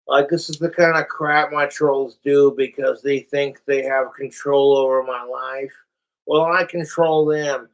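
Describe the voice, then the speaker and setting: A man's voice: medium pitch, slow. A young man livestreaming from home, rambling and swearing in a frustrated, casual monologue. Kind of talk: casual live-stream monologue.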